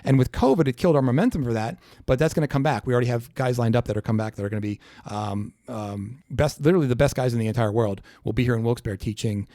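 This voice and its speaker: A man talks fast in a podcast studio, keen and full of restarts as he explains his work. His voice is mellow and dark. The sound is close and dry. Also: mid-range voice, dry recording. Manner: fast, animated storytelling with repeated restarts. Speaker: chiropractor guest. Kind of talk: casual podcast interview.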